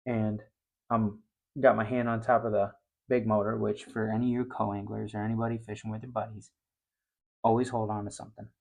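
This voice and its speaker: A middle-aged man hosting a fishing show, telling a story casually and growing loud and high-pitched when he gets excited. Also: a little fast, creaky.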